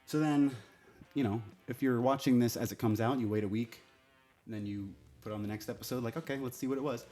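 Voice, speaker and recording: Exasperated male reviewer, sarcastic and loose-mouthed, average pitch, soft music underneath. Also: steady tone, brisk. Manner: sarcastic, exasperated, swears casually. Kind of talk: casual opinionated review.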